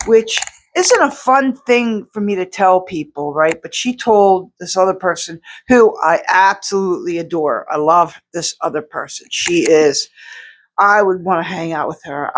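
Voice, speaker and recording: An outsider artist vlogger chats to camera from home, rambling casually to her viewers with plenty of restarts and fillers. Her voice sits fairly low and moves at a moderate pace.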